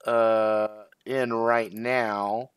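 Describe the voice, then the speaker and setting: A man's voice: lowish voice, flat delivery, extremely slow, smooth, no echo, clean studio sound. A middle-aged man hosting his own channel, chatting casually on a live stream, rambling and swearing, often breaking into laughter. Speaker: channel host.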